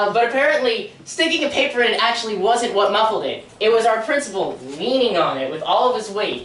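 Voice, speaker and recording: A woman's voice: medium pitch, a bit bright, a little hiss or hum. A teenage girl doing a stand-up comedy routine on a local theatre stage, rambling and self-deprecating, laughing at her own jokes. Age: teens. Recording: echoey room from far off.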